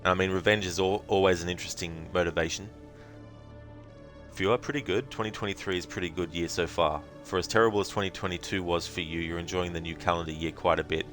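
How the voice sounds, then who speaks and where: A man's voice: low-pitched, steady tone, fast, fairly bright tone, soft background music. An Australian man streaming a game, chatting casually with viewers in a rambling way. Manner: rambling, full of fillers.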